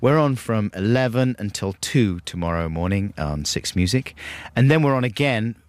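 Lively low-voiced radio host, playful. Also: male voice, normal speed, no room sound. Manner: playful, bursts into silly voices. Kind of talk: casual radio chat. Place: outdoor festival broadcast.

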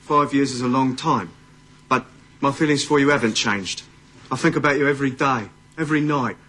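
A stilted fake-British sitcom suitor. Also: male voice, mid-range voice, a little fast, fairly bright tone, husky. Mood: earnest. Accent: fake British accent. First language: American English. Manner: stilted, earnest declarations. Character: lovesick British ex-boyfriend, man, earnest. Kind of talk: sitcom acting.

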